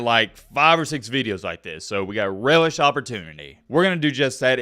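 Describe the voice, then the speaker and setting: This is a young man hosting his own college football commentary. His voice sits at an ordinary middle pitch. He talks straight to his viewers with hyped, animated energy. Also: dry recording, clean studio sound. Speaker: sports YouTuber host.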